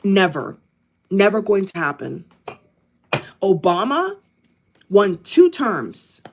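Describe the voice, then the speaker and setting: A woman's voice: medium pitch, big pitch swings, takes it slowly, slight background noise. A woman from the United States vlogging an angry political rant to camera, hammering the same phrases again and again. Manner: heated, repeats phrases over and over.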